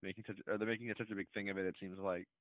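A man's voice: low-pitched, level tone, rapid-fire, no echo. Guy rambling casually about a movie trailer, lots of uhs, sounds tinny and dry like a phone line. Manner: rambling, with many fillers and laughs. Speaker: podcast co-host.

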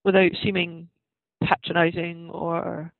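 A man's voice: fairly high pitch, completely flat delivery, a little slow, gravelly. A man co-hosting a podcast, talking casually and hesitantly about a film over a tinny phone-like line. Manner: hesitant, short agreeing replies. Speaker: podcast co-host.

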